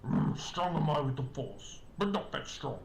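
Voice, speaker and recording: A live streamer putting on the voice of an ancient, cryptic alien Jedi master with backward word order and throaty hums, in an echoey room with a faint rumble. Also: sing-song, moderate pace, gravelly.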